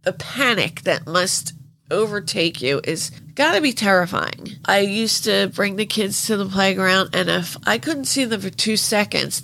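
A woman's voice: medium pitch, creaky, bright, forceful tone, slight background noise. A middle-aged woman casually retelling a true crime case, chatty and given to emotional asides.

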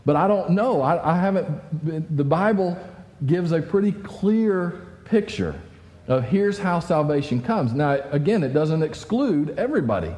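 A man's voice: a little high, animated, measured pace, mellow, big-room sound. A man giving a casual, conversational sermon as a pastor, talking with many fillers and restarts.

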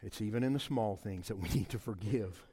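A man's voice: fairly low pitch, brisk, mellow. A middle-aged man, preaching a humorous storytelling sermon and acting out his own story with mock quotes and sounds. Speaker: pastor. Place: church sanctuary. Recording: long hall reverb.

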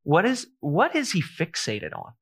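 A man's voice: a little high, wildly swooping pitch, unhurried, a bit bright, slightly rough. A man preaching a sermon in a casual, conversational way, mixing scripture with self-deprecating family stories. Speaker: pastor.

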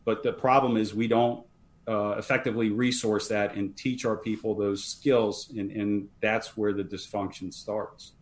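A man's voice: fairly low pitch, steady tone, moderate pace, slight background noise. Emphatic man talking fire service leadership. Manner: earnest, emphatic, repeats words when starting sentences. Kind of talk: podcast interview.

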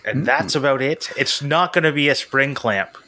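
A man's voice: fairly high pitch, expressive, normal speed, gravelly, bright, forceful tone. A man co-hosting a casual podcast, speaking hesitantly with many fillers. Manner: hesitant, lots of "like" and "um". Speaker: podcast co-host.

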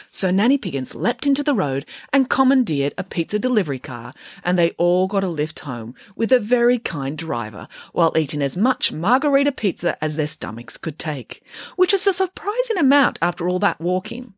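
Animated woman storyteller, dry and close. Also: on the low side, normal speed, no room sound. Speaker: children's author reading her podcast story. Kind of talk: storytelling narration.

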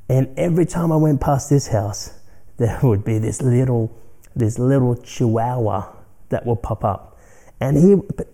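A podcast host delivers a spiritual self-help monologue in a very dark, mellow voice at medium pitch. Earnest and reflective, he shifts between quiet, near-whispered lines and firmer, emphatic ones.

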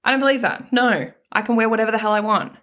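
A woman's voice: on the high side, fairly even intonation, quick pace, a bit bright. A woman hosting a motivational self-help talk, speaking frankly and casually with some mild swearing and lots of emphatic repetition. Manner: emphatic, repeats key phrases. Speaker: self-help podcast host.

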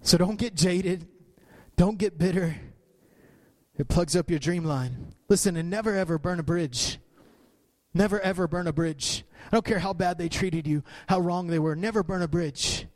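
A middle-aged man preaching a sermon as pastor, repeating phrases for emphasis and rising in pitch at his peaks. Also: moderate pace.

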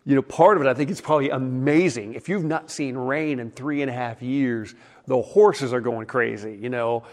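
A middle-aged man preaching a sermon in a folksy, animated way, acting out the quotes in his stories. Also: mid-range voice, normal speed. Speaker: pastor. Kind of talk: sermon with storytelling.

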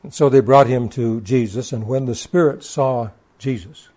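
A preacher reads scripture passages aloud and then explains them in his sermon. His mid-range voice is warm and dark with a husky edge, and he presses on key words, now and then stammering into quick restarts as he pushes his point.

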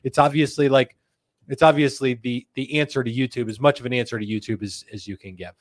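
A man's voice: mid-range voice, dry recording, studio quality. A man hosting a live stream, chatting and reading out viewer comments. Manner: chatty, animated, fast and slow in turns. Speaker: show host.

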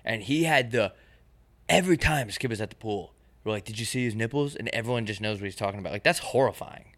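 A man's voice: on the low side, fast, a bit bright. A young man co-hosting a podcast, telling crude stories in casual chat and laughing often. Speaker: podcast co-host.

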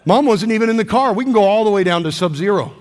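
A man's voice: sits high, lively intonation, fast talker, darkish tone, long reverb tail. A man in his thirties, a pastor preaching a sermon with call-and-response to his church.

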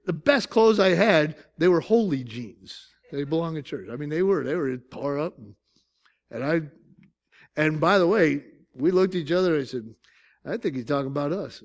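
An older man preaches in an Upstate New York accent, telling stories with jokes and laughter. His pitch swings widely and sits a bit high. His voice has a gravelly edge. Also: moderate pace. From Syracuse, New York. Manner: animated, joking storytelling with laughs. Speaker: pastor. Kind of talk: sermon.

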